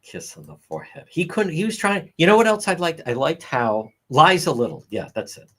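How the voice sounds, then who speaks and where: A middle-aged man hosting a casual livestream, answering chat comments in a sarcastic, wry way and chuckling now and then. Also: brisk. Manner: sarcastic, wry, chuckling, animated swings in pitch. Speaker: livestream host.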